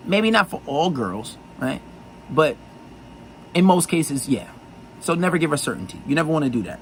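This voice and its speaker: A man's voice: on the high side, sing-song, normal speed, slight background noise, poor audio. A man giving blunt dating advice in a profane, insistent monologue full of repetition.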